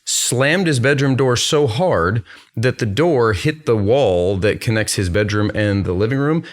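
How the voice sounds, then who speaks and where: A man's voice: medium pitch, lively intonation, unhurried. A man hosting a podcast, telling a story about his son in a casual chat, acting out the quotes and laughing easily. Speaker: podcast host.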